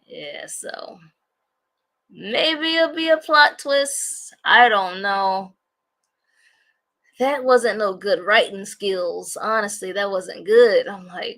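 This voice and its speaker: Slow, gravelly woman chatting on a livestream. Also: mid-range voice, fairly bright tone. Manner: rambling, repeats herself, addresses viewers as y'all. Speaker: livestream host. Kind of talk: casual livestream chat.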